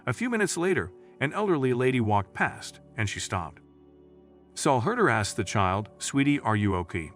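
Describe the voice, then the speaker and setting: A man narrating a scripted story in a lively storytelling way. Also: medium pitch, normal speed, faint music behind.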